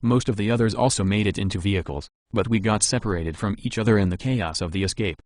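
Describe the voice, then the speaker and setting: A steady, matter-of-fact male pilot speaks in an audiobook, voiced by the narrator. His voice sits low. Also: quick pace, dry recording, clean studio sound, natural voice.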